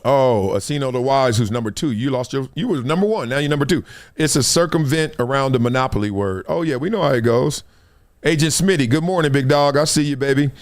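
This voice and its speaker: A man's voice: medium pitch, a little fast. A man hosting a live sports talk stream, telling stories with laughs and lots of energy. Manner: animated, laughing, storytelling. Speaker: host.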